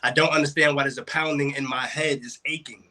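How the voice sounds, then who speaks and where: A man's voice: mid-range voice, fairly even intonation, a little fast, bright, forceful tone. A man performing spoken word poetry at an online open mic over a video call. His delivery is rhythmic, builds in intensity, and leans on wordplay. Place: home, joining a virtual open mic.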